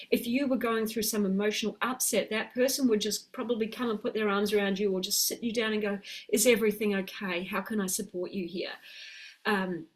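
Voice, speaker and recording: Encouraging woman coach, slightly high voice. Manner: warm, encouraging, reads viewer comments aloud. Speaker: health coach. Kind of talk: live-streamed coaching talk. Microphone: webcam mic on a video call.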